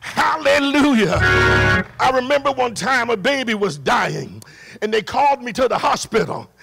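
A man pastor preaching a sermon in church, building from talk to shouted, singsong passages. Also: extremely high pitch, animated, moderate pace, vocal fry, over loud music. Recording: live church recording.

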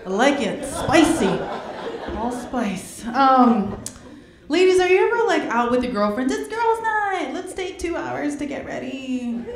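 A woman performing a stand-up comedy set, animated and playful, slipping into character voices. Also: high voice, unhurried, a little hiss or hum. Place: comedy club stage with audience. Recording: roomy club with crowd laughter. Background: audience laughter.

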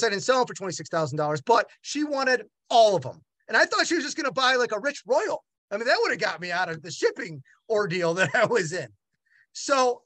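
A middle-aged man tells a personal story in a voice that leaps up and down. His speech is halting and full of restarts. The recording is dry and close. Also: very high-pitched, no echo. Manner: animated, acts out other voices in quotes. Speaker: gallery owner and art dealer.

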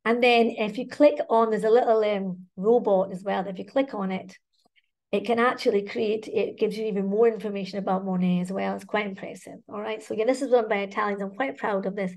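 A woman's voice: mid-range voice, fairly even intonation, a little fast, darkish tone. A woman with a Scottish accent presenting a teacher webinar in a chatty way, often checking in with "okay?" and "right?".

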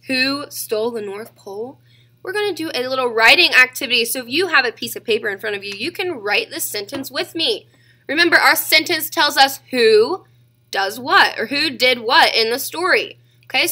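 A woman teaching a kindergarten reading lesson, sounding out letters slowly and clearly. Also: high-pitched, bright, forceful tone.

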